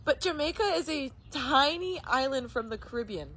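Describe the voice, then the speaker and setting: A woman's voice: sits high, animated, normal speed, fairly bright tone. A woman talking casually in a dismissive, mocking way. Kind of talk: casual opinion talk.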